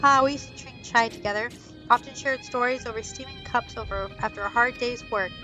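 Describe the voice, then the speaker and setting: A woman's voice: fairly high pitch, a little fast, over music, lightly acted, poor audio. A woman reading a grieving villager's lines aloud from a video game, in a subdued way. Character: grieving young villager who lost a friend.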